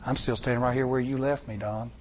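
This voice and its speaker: A man's voice: medium pitch, fairly even intonation, quick pace, slight background noise. A middle-aged man preaching a sermon to a congregation, with repeated rhetorical questions and rising emphasis. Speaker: pastor.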